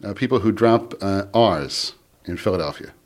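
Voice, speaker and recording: Low-voiced, affable male radio guest. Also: expressive, normal speed. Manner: affable, agreeing, often laughing along. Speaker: author and guest. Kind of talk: radio interview.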